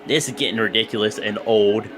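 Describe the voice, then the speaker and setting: A man's voice: on the low side, brisk. A young man giving a rambling, casual video recap of a wrestling show at home, full of fillers. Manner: rambling, animated, lots of fillers. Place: home room with a TV.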